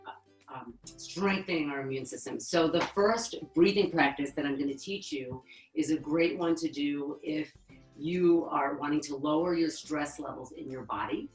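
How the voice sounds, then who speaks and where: A woman with a notably low voice leads a calm yoga breathing lesson over a webinar, counting each breath slowly. The room sounds echoey, and soft music plays faintly underneath. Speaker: yoga therapist. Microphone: webinar microphone.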